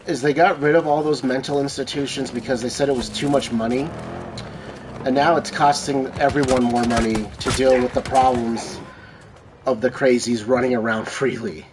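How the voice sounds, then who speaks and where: A man's voice: mid-range voice, fairly even intonation, normal speed. A man streaming a shooter game who rambles casually and swears freely between plays. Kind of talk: casual rambling chat while gaming. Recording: noisy, with game gunfire behind.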